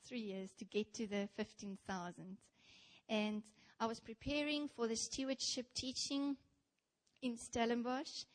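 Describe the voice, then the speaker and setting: A young South African woman giving a sermon in a church, telling stories and speaking straight to her listeners. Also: a little high. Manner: animated storytelling, addresses the congregation directly.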